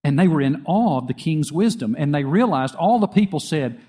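A man's voice: on the high side, expressive, moderate pace, dark tone, husky. A man preaching a sermon earnestly, often repeating phrases and restarting with small fillers. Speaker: pastor.

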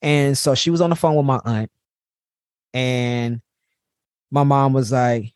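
A man speaks candidly and from the heart in a personal podcast monologue, leaning on repeated phrases for emphasis. His voice sits at an ordinary middle pitch. The sound is dry and close, with no room around it. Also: unhurried, a little mellow, clean tone, no room sound. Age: adult parent. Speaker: podcast host.

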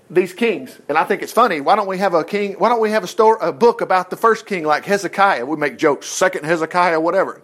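A folksy preacher man teaching from the Bible. His fairly high voice swings widely up and down as he acts out the characters he quotes. The delivery is casual and conversational. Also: a bit bright. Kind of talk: informal Bible teaching sermon.

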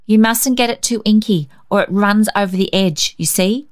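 A woman voicing an excited, bossy little girl. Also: normal speed, no room sound, clean studio sound, lightly acted. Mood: earnest. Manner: excitable, decisive, high and squealing. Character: bossy, eager little girl of about five.

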